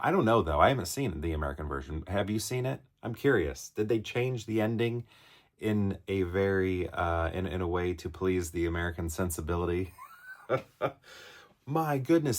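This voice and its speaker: A man's voice: deep voice, lively intonation, normal speed. A man reviewing a film in a casual, rambling monologue, with lots of fillers and restarts and acted-out quotes. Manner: rambling, many fillers and restarts, acts out characters' lines.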